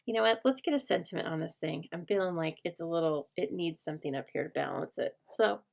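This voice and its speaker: Gravelly-voiced American woman chatting while crafting. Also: fairly low pitch, fast talker. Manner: chatty, thinks aloud, drops to a soft murmur while working. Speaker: craft host. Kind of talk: casual chat while crafting.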